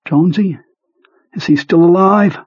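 A man voicing a frightened, excitable grown man with a ragged, high voice in an audiobook. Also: unhurried, breathy edge, dry recording, highs cut off. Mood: panicky. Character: excitable panicky adult man, frightened friend. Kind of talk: audiobook character voice.

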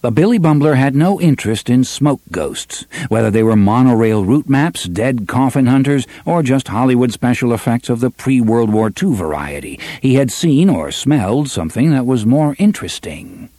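A man narrates a novel with expressive, dramatic storytelling, speeding up and slowing down for effect. His voice is husky and mid-pitched with a lively melodic range. The recording is dry and close. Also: no echo. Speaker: audiobook narrator. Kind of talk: scripted narration.

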